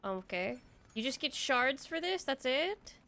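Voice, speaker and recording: An excitable young woman commenting on her game as she plays, pitched a little high. She talks things through out loud, bursts into strings of yeses and drops swear words freely. It is loose, casual streamer chatter. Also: a little slow, gravelly. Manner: excitable, swears, thinks aloud. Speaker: streamer playing an online game.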